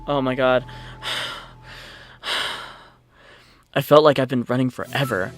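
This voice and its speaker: A man hosting a let's play, reading the story aloud and reacting with excitable, swearing commentary. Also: medium pitch, takes it slowly, pauses often, soft background music. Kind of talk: game commentary with read-aloud narration.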